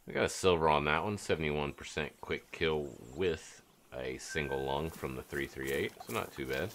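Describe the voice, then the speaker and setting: A man talks his way through a live game stream in a relaxed, chatty way, answering viewers as he goes. His voice sits extremely low with a gravelly rasp, and a faint hiss runs under the recording. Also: normal speed. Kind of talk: casual live-stream commentary.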